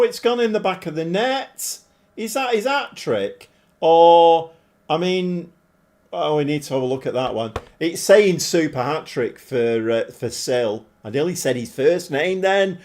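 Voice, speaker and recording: A middle-aged man commentating live on his football management game, animated and often shouting at his players. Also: on the high side. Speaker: game streamer.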